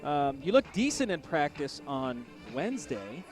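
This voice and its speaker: A man's voice: on the high side, very animated, a little slow. A man commentating live racing and chatting with riders in a small booth, upbeat and joking. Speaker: race commentator and pit interviewer. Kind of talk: live sports commentary and interviews. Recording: loud music behind the voice.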